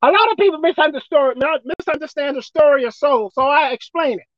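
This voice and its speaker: A woman preacher delivering a folksy, emphatic sermon, swinging between shouting and hushed tones. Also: sits high, a little fast, no room sound, dull audio. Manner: folksy, colloquial.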